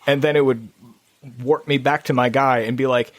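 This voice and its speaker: A man in casual podcast chat about video games, rambling and restarting as he goes. His pitch jumps sharply when he gets excited. The sound is close and dry. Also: fairly quick, no echo. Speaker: podcast co-host.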